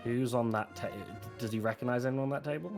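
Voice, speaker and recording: A man playing a tabletop game, talking casually and quickly about his character's actions. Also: mid-range voice, fairly even intonation, vocal fry, a little mellow, faint music behind. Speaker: player.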